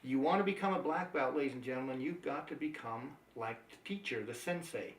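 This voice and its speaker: A man's voice: mid-range voice, brisk, slight background noise. A man giving an upbeat, emphatic motivational training talk on network marketing. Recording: echoey room, mic at a distance.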